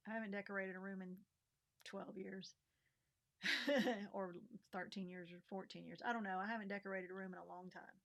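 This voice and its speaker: A woman's voice: medium pitch, steady tone, normal speed, long pauses, a bit bright. A middle-aged woman vlogging frankly about her week, venting with swearing, fillers and bursts of laughter. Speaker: vlogger and teacher. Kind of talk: candid personal vlog.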